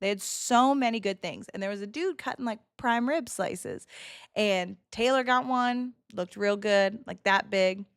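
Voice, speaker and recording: A woman in her thirties chatting casually to a live chat, telling a story with laughs and quick asides. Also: medium pitch, smooth, no echo, clean studio sound. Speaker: streamer.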